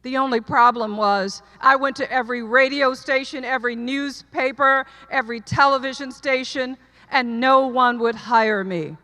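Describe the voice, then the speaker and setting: High bright woman speaking in a hall. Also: fairly even intonation, moderate pace. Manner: earnest storytelling with repeated emphatic phrases. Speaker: commencement speaker. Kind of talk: commencement speech. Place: large hall, live audience. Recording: long hall reverb.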